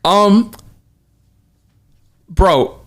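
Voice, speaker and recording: A man co-hosting a podcast, talking quickly and excitedly in casual movie chat and acting out quotes as he goes. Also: high voice. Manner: excited, animated retelling with quoted asides. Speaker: podcast co-host.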